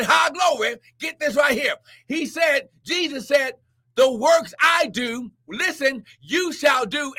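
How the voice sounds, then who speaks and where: High-voiced man preaching with whoops. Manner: shouts and whoops, repeats "listen" and "high glory". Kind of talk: charismatic sermon with prophecy.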